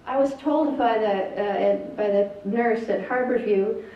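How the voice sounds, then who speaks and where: A woman's voice: on the high side, measured pace. Older woman, doctor, earnest, hesitant, distant mic, roomy echo. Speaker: speaker telling a family story. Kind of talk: presentation. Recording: distant echoey lo-fi hall recording.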